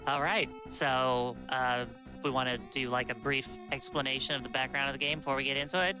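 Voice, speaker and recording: A woman speedrunner chatting casually on a stream, relaxed and quick to laugh. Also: a bass voice, music in the background.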